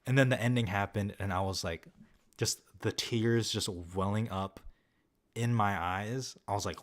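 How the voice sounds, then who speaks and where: A young man with a somewhat low voice talks through films for his viewers. He rambles loosely, leans on filler words and swears freely, all in casual, offhand chat. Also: brisk. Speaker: film vlogger. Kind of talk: casual talk reviewing films and answering viewers.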